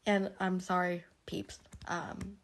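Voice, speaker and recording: A chatty young woman with a lilt, her voice partly gone from a cold and a little hoarse. She rambles and giggles casually, recorded on a handheld phone. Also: fairly low pitch, little pitch movement, slow pace. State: partly lost voice from being sick. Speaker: vlogger. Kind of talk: casual chat showing gifts. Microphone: handheld phone, no tripod.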